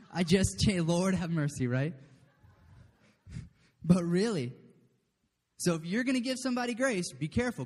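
A man's voice: on the high side, darkish tone. A man preaching a casual, chatty sermon, often checking in with the room. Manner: chatty, asks the room "okay?", laughs often. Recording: long hall reverb.

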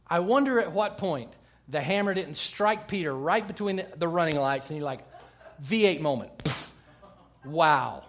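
A pastor preaching a sermon, emphatic, swinging between quiet asides and loud, passionate stretches. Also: male voice, high voice, lively intonation, normal speed, hardly any pauses.

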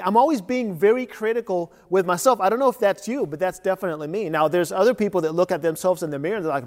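Conversational pastor preaching in an echoing church. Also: male voice, high voice, fairly even intonation, quick pace, hardly any pauses. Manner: conversational, self-deprecating, repeats words while thinking. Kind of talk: sermon. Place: empty church. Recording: long reverb of a large empty church.

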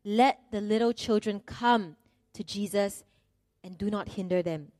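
A woman's voice: mid-range voice, unhurried, darkish tone, no echo, clean studio sound. A middle-aged woman, preaching a sermon in an earnest, conversational way with self-deprecating humor.

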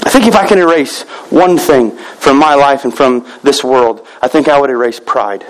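A man's voice: medium pitch, normal speed, poor audio. A man preaching a conversational sermon as a pastor, joking with the congregation and acting out little quoted exchanges.

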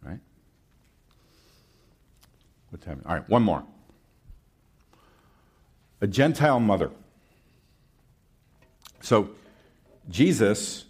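A man's voice: lowish voice, a little mellow. A man preaching a sermon in a conversational way, with rhetorical questions and folksy asides.

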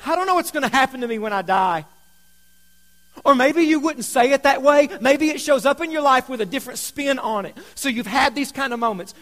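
Pastor, male, very high voice, chatty storytelling sermon with loud and hushed swings. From Kentucky.

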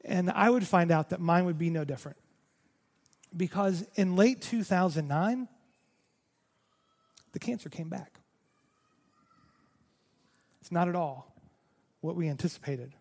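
Brief: male pastor, high voice, earnest sermon delivery, echo of a church hall. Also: moderate pace, darkish tone. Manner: earnest, repeating words when emphatic.

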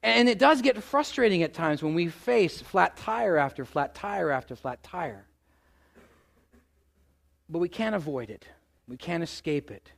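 A middle-aged male pastor preaching a sermon, animated, asking the congregation questions and acting out exasperated outbursts. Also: on the high side, unhurried, vocal fry. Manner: animated, acts out exasperated voices with loud outbursts.

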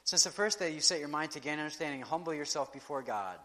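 A man preaching a sermon in a conversational, animated way, acting out quotes and asides. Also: fairly high pitch, fast. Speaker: pastor. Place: church sanctuary. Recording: long reverb of a large hall.

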